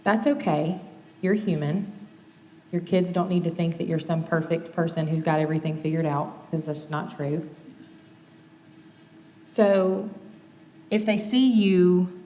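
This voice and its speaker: A woman's voice: fairly low pitch, a little slow, long pauses, in a large hall, slight background noise. A mother in her thirties giving a plainspoken, conversational talk on family communication. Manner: conversational, plainspoken, gently quotes examples.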